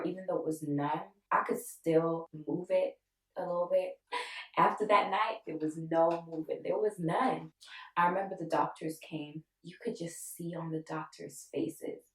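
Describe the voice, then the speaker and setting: A woman's voice: deep voice, far from the mic. Young woman telling her story in an echoey room. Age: 20s. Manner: emotional, animated retelling with quoted voices. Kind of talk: personal storytelling.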